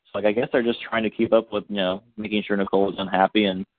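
A man's voice: lowish voice, little pitch movement, racing, dry recording. A man hosting a casual radio chat show, talking hesitantly with frequent restarts. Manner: hesitant, restarts often, laughs along. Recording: dry, phone-like line.

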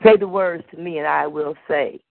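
A woman voicing a teasing, commanding male lover, speaking slow and low over a phone line. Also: creaky, no echo.

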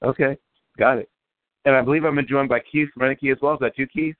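A man's voice: medium pitch, steady tone, fast. A male radio host interviewing football prospects, asking long, winding questions that restart often. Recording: phone-line call.

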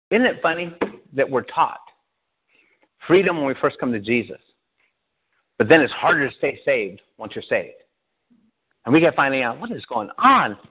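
A pastor from Southern California giving an animated personal testimony, often laughing as he tells it. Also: mid-range voice, breathy edge. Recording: tinny phone-like sound.

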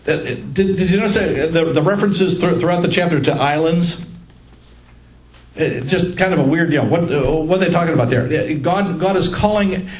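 A man leading a casual Bible study group, joking and lively as he teaches. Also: fairly high pitch, normal speed. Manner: joking, animated, laughs at own lines. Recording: echoey room with faint ambience.

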